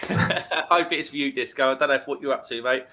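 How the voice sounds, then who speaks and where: Bright-voiced man reading chat comments. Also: medium pitch, a little fast, slight background noise. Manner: reads out viewer comments chattily. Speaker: live stream host. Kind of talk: casual live stream chat.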